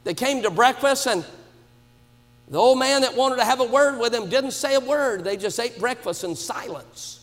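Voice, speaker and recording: Shouting high-voiced preacher in a reverberant church. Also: male voice, expressive, moderate pace. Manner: emphatic, swings to shouts. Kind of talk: sermon. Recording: long reverb of a church hall.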